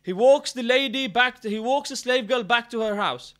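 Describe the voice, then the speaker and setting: At a religious mourning gathering in a London hall, a man with a very high, slightly bright voice tells a moral story at a moderate pace. His sermon-style retelling is earnest, and he keeps correcting himself partway through sentences.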